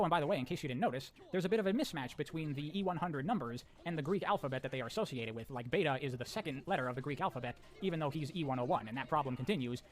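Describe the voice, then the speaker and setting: A man briskly recapping a game's story with blunt, sarcastic commentary and casual swearing. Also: on the high side. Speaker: video essayist narrating a story recap.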